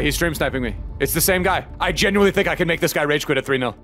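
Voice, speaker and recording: A young man giving lively, excitable commentary as he plays a football video game, talking straight to his viewers and venting when things go wrong. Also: a little high, quick pace, few pauses, soft background music. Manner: animated, talks to viewers, frustrated outbursts. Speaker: gaming YouTuber.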